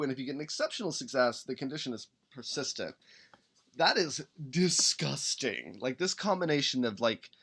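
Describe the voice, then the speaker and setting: A man's voice: medium pitch, a bit bright. Rambling, upbeat man hosting a stream. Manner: rambling, upbeat, hums while searching rules; reads rules text aloud between asides. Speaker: podcast host building a game character. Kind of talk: casual live-stream chat.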